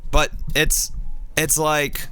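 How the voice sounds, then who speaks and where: A man's voice: a little high, monotone, very slow, pushed and bright, soft background music. A man chatting casually on a live stream, rambling with lots of fillers and restarts.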